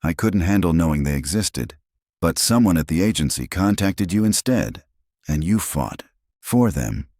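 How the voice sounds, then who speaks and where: A man's voice: deep voice, lively intonation, normal speed, a little mellow, dry recording, studio quality. A man voicing a remorseful divorced man who pleads earnestly to make amends.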